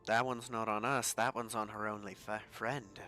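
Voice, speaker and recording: A man playing a tabletop game, his voice low yet bright and forceful. He talks casually and jokes with the group, with faint music behind. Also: level tone, normal speed. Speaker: player.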